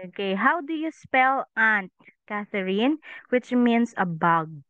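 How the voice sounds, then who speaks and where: A woman's voice: fairly high pitch, very animated, slow pace, a bit bright, clear, resonant tone, dry recording. A woman English teacher leading an online class for children, patiently asking questions and saying "okay" often. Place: online class over a video call. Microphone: video call microphone. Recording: thin phone-like call audio.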